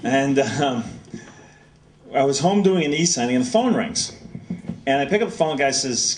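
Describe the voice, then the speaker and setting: A middle-aged man from Massachusetts talks to a bookstore crowd in a loose, animated, anecdotal way. His voice is of ordinary pitch and sounds distant, as if picked up from across the room. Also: normal speed, pauses often. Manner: animated, rambling storyteller. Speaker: author speaking at a book signing. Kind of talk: anecdotal talk to an audience. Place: bookstore event space. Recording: voice heard from a distance.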